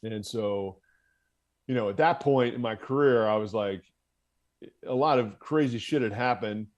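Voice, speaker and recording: A man's voice: medium pitch, measured pace, lo-fi sound. Candid, profane male storyteller. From United States. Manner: candid and profane, laughing at himself. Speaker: podcast guest, former Marine officer. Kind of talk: casual storytelling in conversation.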